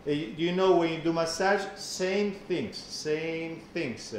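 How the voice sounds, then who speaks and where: A man's voice: fairly high pitch, moderate pace, roomy sound, slight background noise. A man with an Italian accent hosting a live cooking class, joking and exclaiming in Italian.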